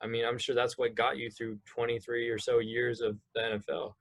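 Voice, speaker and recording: An upbeat man hosting a casual sports podcast. His voice is mid-pitched, and he banters easily before rolling into long, rambling questions. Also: flat delivery, fairly quick, a bit bright. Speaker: podcast host.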